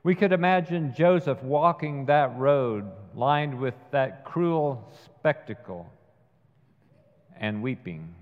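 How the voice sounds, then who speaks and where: Slow-speaking male preacher in reverberant hall. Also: medium pitch, lively intonation. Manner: slow, measured storytelling with acted quotes. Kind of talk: sermon retelling a film scene. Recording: dull sound with long hall reverb.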